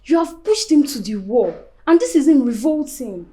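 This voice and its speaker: Placating sister, slightly high, mellow. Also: female voice, lively intonation, normal speed. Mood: soothing. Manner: soothing, placating. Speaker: sister calming a friend down.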